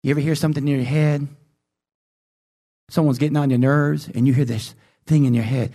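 A male pastor delivers a sermon in a voice pitched a little high. He pushes each point with emphasis and keeps calling out questions to his listeners. His delivery swings from loud, soaring lines to low, intense asides. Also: steady tone, brisk. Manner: emphatic preaching with call-and-response questions.

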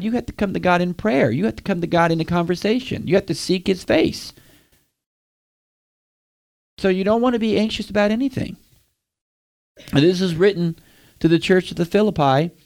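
A man's voice: sits high, gravelly, a little mellow. A man preaching a sermon, speaking straight to his listeners and asking them questions. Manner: direct, asks the listeners questions.

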